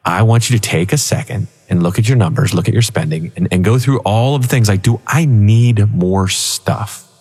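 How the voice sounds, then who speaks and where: Husky low-voiced man on financial radio. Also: moderate pace, big-room sound. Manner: animated storytelling with laughs. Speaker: financial advisor co-host. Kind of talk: casual radio chat.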